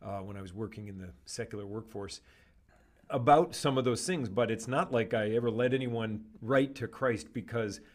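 A man's voice: fairly low pitch, moderate pace. A man hosting a conversation, speaking reflectively and often affirming with short interjections. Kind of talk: casual conversation.

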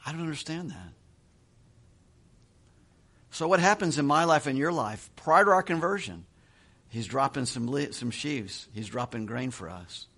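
A middle-aged man preaching a sermon in a relaxed, conversational way, chuckling now and then and often repeating words as he goes. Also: medium pitch, normal speed, long pauses. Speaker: pastor.

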